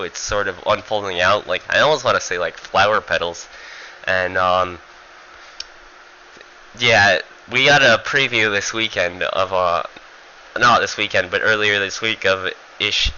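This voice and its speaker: A man's voice: low-pitched, sharp tone, muffled recording, slight background noise. A man giving a casual, rambling manga review, full of fillers and swearing.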